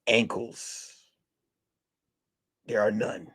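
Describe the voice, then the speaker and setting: A male comedian telling a mock film-noir detective story in slow, dramatic narration with crude asides. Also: fairly low pitch, steady tone, a bit bright, husky. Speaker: comedian and podcast host.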